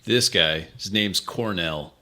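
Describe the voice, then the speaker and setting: Man, tabletop player, very deep voice, bright tone, matter-of-fact. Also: takes it slowly. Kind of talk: casual tabletop role-play.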